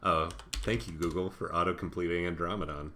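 A man's voice: low-pitched, steady tone, fairly quick, noisy background. A young man co-hosting a podcast, chatting casually and rambling, laughing easily. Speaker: podcast co-host. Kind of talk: casual chat.

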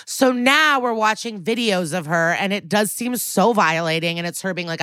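A woman's voice: fairly low pitch, moderate pace, smooth, no echo. A woman co-hosting a podcast, recapping a TV episode in casual, profane chat and acting out the characters' lines. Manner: animated, profane, acts out quoted lines. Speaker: podcast co-host.

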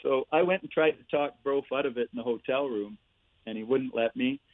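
A man in his sixties, a former player and coach, telling animated stories with laughs and "eh" tags as a podcast guest. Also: medium pitch, brisk, no echo. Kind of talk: storytelling interview. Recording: tinny phone-like line.

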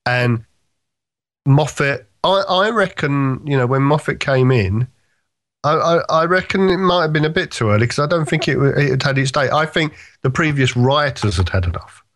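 A man talking on a podcast, opinionated and holding forth at length, often tagging "right?" on the end. His voice sits at an ordinary middle pitch. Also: expressive, moderate pace, fairly bright tone. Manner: opinionated, talks in long stretches with "right?" checks. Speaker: podcast co-host. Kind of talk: casual chat.

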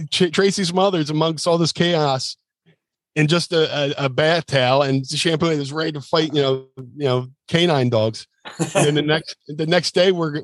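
Guy telling wild stories on a show, does voices and sound effects, mid pitch, dry sound. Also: no echo. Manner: animated, acts out quotes and sound effects. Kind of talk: casual storytelling.

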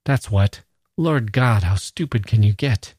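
A man's voice: lowish voice, animated, measured pace, darkish tone, slightly rough, no room sound, clean studio sound. A man reading the part of a fevered, dying old soldier who grumbles and scolds irritably. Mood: irritable.

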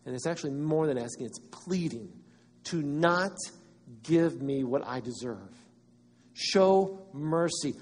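Animated preacher in a reverberant hall. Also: male voice, a little high. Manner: animated preaching, rising to loud emphatic cries and dropping to quiet. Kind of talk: sermon.

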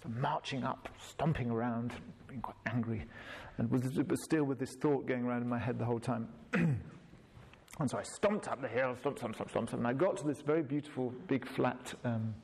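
Man, wry personal storytelling, self-deprecating, mid pitch. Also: moderate pace, vocal fry, darkish tone. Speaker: meditation practitioner telling a personal story.

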